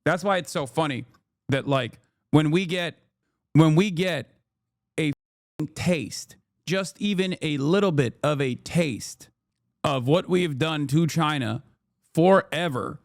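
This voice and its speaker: A man in his thirties giving casual, sarcastic commentary on the news, swearing and breaking into loud mocking voices. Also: unhurried, pauses often, no room sound, clean studio sound. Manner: animated, sarcastic, swears, mocks others in loud shrill put-on voices. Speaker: political streamer reacting to news.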